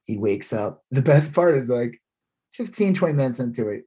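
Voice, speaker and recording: Male co-host, casual and rambling, mid-pitched voice, laughs easily. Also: expressive, normal speed, dark tone. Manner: rambling, lots of fillers and laughs. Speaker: podcast co-host. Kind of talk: casual chat.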